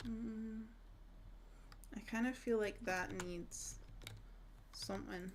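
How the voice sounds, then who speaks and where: Background noise accompanies a young Aberdonian woman from northeast Scotland as she streams a game and chats casually, rambling through stories. She speaks slowly in a steady, medium-pitched voice.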